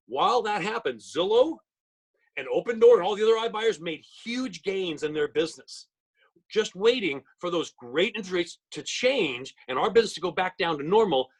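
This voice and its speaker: A middle-aged man runs a real estate training webinar, talking very fast with a pushy, emphatic salesman's energy. His high voice has a husky edge, and he speaks into a computer mic on a video call, with a rough recording.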